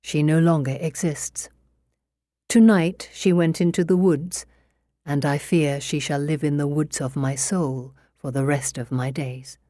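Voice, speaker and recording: A woman narrating an audiobook in an expressive storytelling way. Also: low voice, measured pace, no echo, studio quality.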